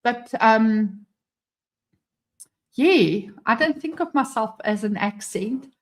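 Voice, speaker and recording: A woman's voice: fairly high pitch, lively intonation, takes it slowly. A woman from South Africa with a South African English accent, hosting a casual live stream from home, chatting, laughing often and reading out viewer comments. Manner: chatty, laughs often, reads chat aloud. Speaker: livestream host. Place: home with front door open.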